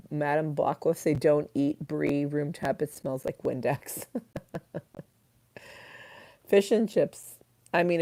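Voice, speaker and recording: Low, mellow-voiced woman chatting on a livestream. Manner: chatty, swearing, laughing at her own stories. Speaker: livestream host reading chat. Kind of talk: casual livestream chat.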